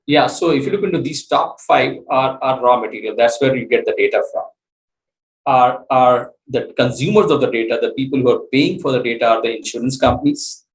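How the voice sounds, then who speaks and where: A man, a startup CEO, explaining his business in an interview, halting with many fillers and restarts. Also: medium pitch, low-quality recording. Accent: Indian English.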